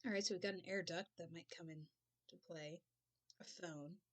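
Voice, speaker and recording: A woman with a lowish, fairly even voice speaks at normal speed, casually commenting on a game she's playing and thinking aloud as she reads the dialogue on screen. It's let's-play commentary, with game music running underneath.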